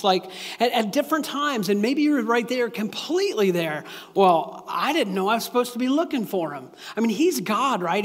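A man's voice: extremely high pitch, a bit bright. A man preaching a sermon as a pastor, casual and confessional, with many restarts and asides. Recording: echoey hall with long reverb.

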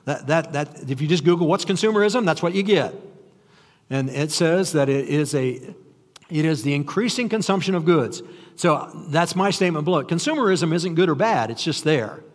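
A man's voice: fairly high pitch, lively intonation, moderate pace. An older man preaching a sermon in a conversational, self-deprecating way, stumbling over restarts and tossing out rhetorical questions. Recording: long hall reverb.

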